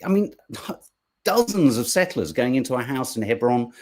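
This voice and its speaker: A man's voice: medium pitch, very animated, normal speed, darkish tone. A man hosting a podcast, commenting on news clips in a sarcastic, swearing, mocking way. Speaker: podcast host.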